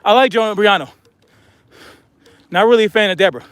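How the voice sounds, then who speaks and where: Breathless man, high pitch, blunt outdoor vlog monologue while hiking. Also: a little fast, fairly bright tone, clean tone, no echo. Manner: blunt, chatty, addresses viewers as y'all. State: out of breath from hiking uphill with a pack. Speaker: vlogger.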